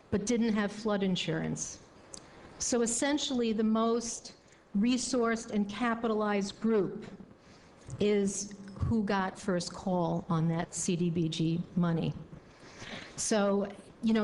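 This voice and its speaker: A woman's voice: mid-range voice, darkish tone, slight background noise. Indignant woman addressing a luncheon. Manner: conversational, indignant, many fillers. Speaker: luncheon host speaker. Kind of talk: speech to an audience.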